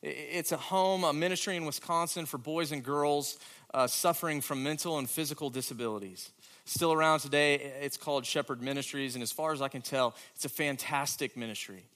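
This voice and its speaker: A man preaching a sermon with a dramatic delivery that moves between hushed, quiet moments and emphatic, louder questions. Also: a little high, brisk. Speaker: pastor.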